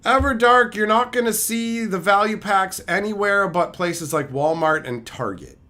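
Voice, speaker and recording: A man's voice: high-pitched, normal speed, sharp tone. A man streaming as he opens card packs, heatedly ranting and swearing as he tells a story in casual chat.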